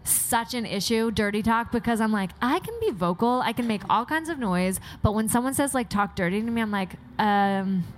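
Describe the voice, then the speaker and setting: Frank, animated woman telling stories. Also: a little high, moderate pace, few pauses. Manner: frank, animated storytelling with swearing. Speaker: podcast co-host. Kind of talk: candid casual chat.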